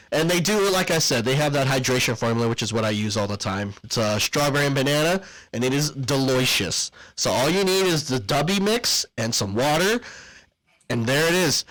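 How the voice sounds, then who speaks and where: A man co-hosting a podcast, with a voice pitched a little high. He rambles in a playful, jokey way, full of fillers and silly asides. He sounds like he is talking straight into a podcast mic. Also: a bit bright, rough recording. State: out of breath. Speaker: podcast co-host. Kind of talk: casual podcast chat and ad read.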